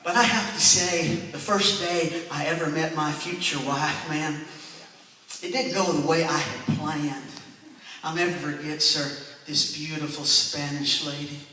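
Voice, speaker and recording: Bright-voiced man in echoey hall. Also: a little high, fairly even intonation, unhurried, slight background noise. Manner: folksy, chuckling, addresses the crowd as sir and ma'am. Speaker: church comedian. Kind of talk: stand-up storytelling. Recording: echoey hall, distant mic.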